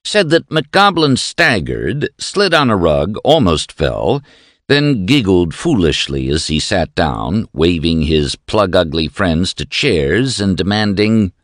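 A man reading a novel aloud as narrator in a measured, expressive storytelling manner. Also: low voice, no echo, studio quality. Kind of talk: audiobook narration.

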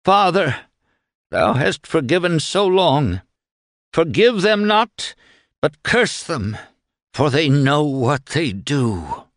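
A man voicing a frail elderly male preacher who speaks slowly and solemnly, with a tremble. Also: fairly high pitch, animated, pushed and bright, no room sound, studio quality, voice pushed up, exaggerated voice. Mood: anguished. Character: frail old male preacher, dignified and defiant.

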